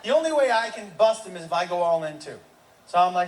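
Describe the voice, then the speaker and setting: A man doing stand-up, telling a story in an animated way that bursts into shouting. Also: high-pitched, fast. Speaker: comedian. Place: comedy club stage. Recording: roomy live club recording from a distance. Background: audience laughter and room noise.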